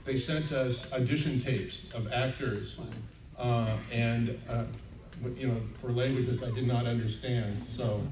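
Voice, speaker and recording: An older man chatting on a convention panel, halting with many fillers and restarts. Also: mid-range voice, steady tone. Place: convention hall panel stage. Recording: roomy, distant, faint crowd noise.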